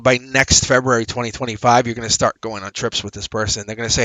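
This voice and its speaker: An upbeat man reads tarot live for his viewers, chatting freely and repeating himself as he lays out cards. His voice sits at an ordinary middle pitch, and the sound is close and dry with no room around it. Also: steady tone, quick pace, hardly any pauses, a bit bright, no room sound, low-quality recording. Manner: upbeat, chatty, repeats phrases, laughs often. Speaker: tarot reader and livestream host. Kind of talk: casual livestream tarot reading.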